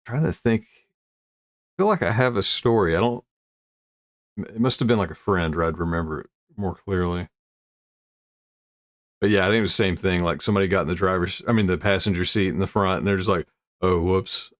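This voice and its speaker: In a low voice that runs a little fast but has long pauses, an American streamer riffs on weird news, laughing often, rambling, and interrupting himself as he reads viewer comments. There's no room sound.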